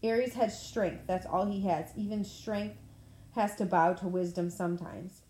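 Brief: a clever young heroine read by a woman, slow and firm, warm low tone, echoey room. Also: steady tone, lightly acted.

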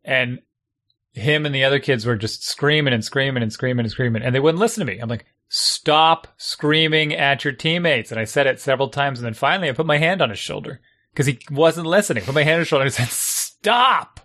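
A middle-aged man and youth coach telling stories in a casual chat, acting out the lines he yelled. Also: mid-range voice, rapid-fire. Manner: animated storyteller, acts out yelled lines. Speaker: youth sports coach and parent.

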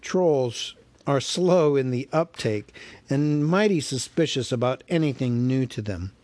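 A man reading a story aloud as narrator, with measured, wry storytelling. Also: mid-range voice, expressive, darkish tone, dry recording. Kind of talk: audiobook reading.

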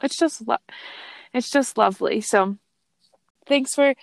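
Woman host, gushing and upbeat, slightly high voice, dry recording. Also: unhurried, creaky, no room sound. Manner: effusive, enthusiastic. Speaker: podcast host. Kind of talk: casual podcast interview.

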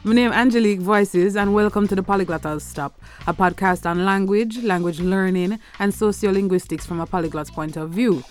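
A woman's voice: mid-range voice, brisk, few pauses, faint music behind. A woman from Jamaica hosting a podcast, giving upbeat, conversational, scripted explanations. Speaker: podcast host.

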